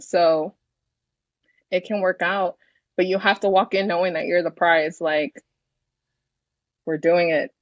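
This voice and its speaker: A woman in her thirties chats as a podcast guest with a frank, self-assured manner and the odd swear word. Her voice sits on the low side. The recording is dry and a little dull, with no room sound. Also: little pitch movement, slow, long pauses, dry recording. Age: 30s. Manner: confident, frank, swears freely. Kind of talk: casual interview chat.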